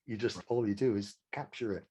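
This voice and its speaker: Older songwriter, mellow-voiced. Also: male voice, fairly low pitch, slightly rough. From Manchester, England. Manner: animated, anecdotal, halting restarts. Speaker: songwriter guest. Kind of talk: casual interview storytelling.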